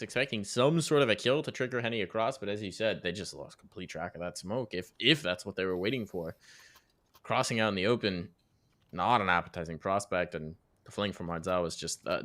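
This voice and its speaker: A man giving measured, analytical colour commentary on a headset. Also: on the low side, fairly bright tone. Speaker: esports analyst. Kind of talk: color commentary.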